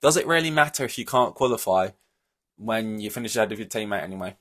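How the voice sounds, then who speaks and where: A man's voice: fairly low pitch, expressive, quick pace, a bit bright. A man hosting a solo podcast, ranting in an exasperated, rambling way with many fillers and restarts. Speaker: podcast host.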